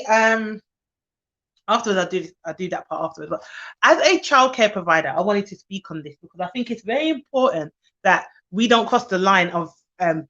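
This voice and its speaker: A young woman talks in a casual, animated way and laughs easily. Her voice sits in a middle range. The sound is somewhat dull and lo-fi, like a home live stream. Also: mid-range voice. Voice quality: chatty, animated, laughs often. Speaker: nanny and childcare provider.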